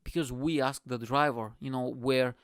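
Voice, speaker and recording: A man's voice: mid-range voice, fairly even intonation, normal speed, clean tone, no echo, studio quality. A man in his thirties from the Balkans, hosting a podcast and telling a comic story with a playful, profane, self-mocking manner. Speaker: podcast host. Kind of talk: comedic storytelling monologue.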